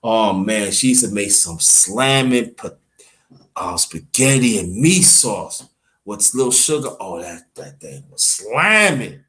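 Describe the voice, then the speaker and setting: A man from Brooklyn, telling a halting, emotional family story on a livestream and thanking viewers by name. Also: lowish voice, very animated, fairly bright tone. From Brooklyn, New York. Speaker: livestream host.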